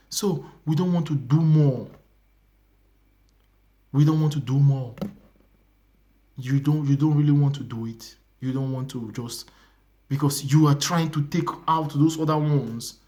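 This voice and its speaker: A young man with a Nigerian accent preaching a sermon, earnest and repetitive, sometimes dropping to a hushed whisper. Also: fairly high pitch, moderate pace. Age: young adult.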